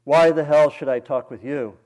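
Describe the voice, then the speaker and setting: A man's voice: medium pitch, steady tone, a little fast, natural voice. A man voicing a roaring drunk laborer. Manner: roaring, belligerent, later broken. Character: drunk, enraged big male laborer.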